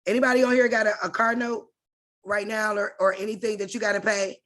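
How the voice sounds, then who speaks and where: A woman's voice: medium pitch, level tone, quick pace, fairly bright tone. A woman leading an online class over a video call, in a casual and direct instructional tone that addresses her listeners familiarly.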